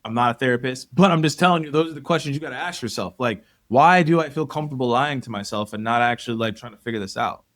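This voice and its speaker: A man speaking as a guest on a podcast in casual conversation, telling animated stories and acting out what people said. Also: mid-range voice, fast, few pauses. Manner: animated storyteller, acts out quotes.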